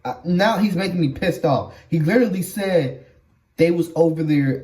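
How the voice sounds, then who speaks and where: A man's voice: on the high side, normal speed, warm tone, slight background noise. A man reacting casually to a clip, incredulous and slangy. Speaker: reaction streamer.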